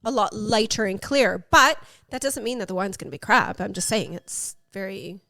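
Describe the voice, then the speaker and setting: A woman's voice: medium pitch, normal speed, pushed and bright, dry recording. A woman co-hosting a casual podcast, chatting and tasting wine with a friend, giggly and playfully teasing. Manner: giggly, playful teasing, trails off mid-sentence. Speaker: podcast co-host.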